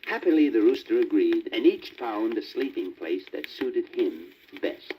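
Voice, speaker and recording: A man tells a children's story in a lilting, expressive voice that climbs and dips a lot. The old record sounds dull, with a faint crackle beneath. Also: on the low side, measured pace. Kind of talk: scripted storybook narration. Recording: muffled old vinyl record with faint static.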